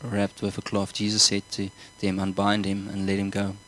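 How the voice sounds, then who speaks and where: A man's voice: lowish voice, completely flat delivery, moderate pace, fairly bright tone, rough recording. A man preaching a sermon, earnest, often repeating words and asking the congregation whether they follow. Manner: earnest, repeats himself, asks the congregation questions.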